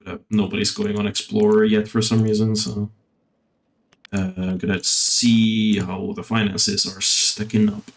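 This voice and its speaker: Over a desktop mic, this streamer talks his way through building a theme park, loose and casual, full of fillers with a swear now and then. He speaks a little slowly in a lowish voice that barely moves in pitch.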